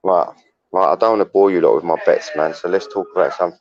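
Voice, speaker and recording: A man's voice: low-pitched, fast talker, darkish tone, lo-fi sound. A man, chatting casually on a live stream and calling his viewers "you lot" and "mate". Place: outdoors in the wind.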